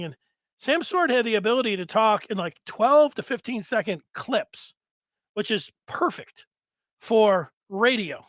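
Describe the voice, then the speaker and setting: A man hosting a sports talk show on video, telling stories in a casual, animated way, acting out the quotes and filling pauses with "uh". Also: high voice, no echo. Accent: Michigan. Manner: animated storytelling, acts out quotes, frequent fillers.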